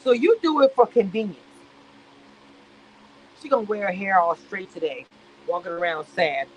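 A woman giving sassy, animated reality-show commentary on a live stream. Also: medium pitch, normal speed, a little hiss or hum, rough recording.

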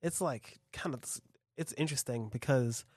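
A co-host in a casual tasting chat, enthusiastic and quick to laugh. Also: mid-range voice, husky, no echo, clean studio sound. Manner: animated, giggly, enthusiastic. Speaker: co-host reviewing tequila.

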